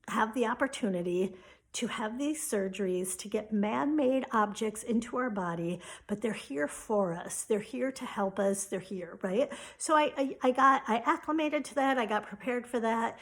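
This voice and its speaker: A woman tells a personal story in a relaxed, chatty way. She sits in a middle register and often fills her sentences with "like" and "right?". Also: medium pitch. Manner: casual, chatty retelling with quoted dialogue and frequent "like". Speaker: spiritual coach.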